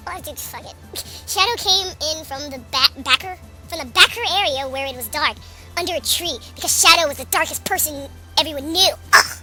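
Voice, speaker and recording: A young reader with a high voice works through a badly written fan story aloud, stopping again and again to mock it with sarcastic, exasperated asides. Music plays clearly underneath the whole time. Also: normal speed, bright, forceful tone. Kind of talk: mocking read-aloud with commentary. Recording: background music.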